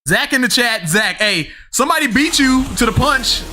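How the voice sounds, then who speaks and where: A man's voice: very high-pitched, expressive, moderate pace, music in the background. A young man streaming a game, chatting to his viewers in a rambling, slangy way, with lots of fillers and the odd swear word. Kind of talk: live-stream chat with viewers.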